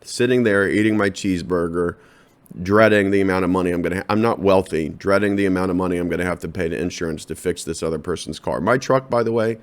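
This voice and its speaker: A man hosting his own comedy podcast, rambling through a deadpan monologue and talking straight to his listeners. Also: low voice, fast.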